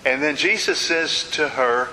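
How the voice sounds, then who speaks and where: A man's voice: fairly high pitch, measured pace, pushed and bright. A man preaching a sermon, telling stories dramatically with repeated refrains. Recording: reverberant hall with faint hiss.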